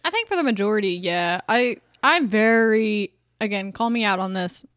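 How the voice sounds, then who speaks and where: A woman's voice: medium pitch, normal speed, no room sound. Woman cohost, blunt and sweary, dry close sound. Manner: blunt, animated, swears freely. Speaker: podcast co-host. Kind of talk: casual chat.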